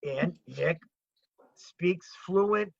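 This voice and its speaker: A man, a comedian, chatting eagerly on a video call, repeating words as he warms up to a point. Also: high voice, very slow, gravelly, no room sound. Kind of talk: casual video chat. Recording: dull lo-fi video call audio.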